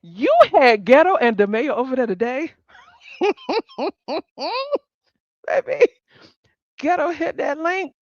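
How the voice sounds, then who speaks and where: A woman hosting a live stream, chatting casually with her audience in a blunt, profane and animated way, laughing often. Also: sits high, moderate pace, no echo, lo-fi sound. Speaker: livestream host.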